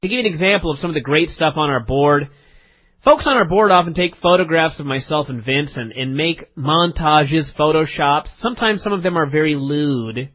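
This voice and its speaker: A man's voice: on the high side, lively intonation, normal speed. A man co-hosting a podcast, teasing his partner in a rambling, mock-serious casual chat, on dull lo-fi audio. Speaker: podcast co-host.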